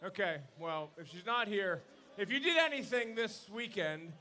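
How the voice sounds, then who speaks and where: A man's voice: sits high, expressive, moderate pace, pushed and bright, a little hiss or hum. A man emceeing an outdoor ceremony, upbeat, calling out instructions and thanks to a crowd. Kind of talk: crowd announcing over a PA.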